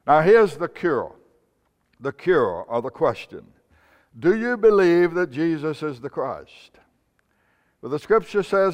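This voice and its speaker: A man's voice: expressive, darkish tone, clean tone. Man preaching in a reverberant hall. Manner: preaching with emphatic rises on names, then dropping low and slow. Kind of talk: sermon.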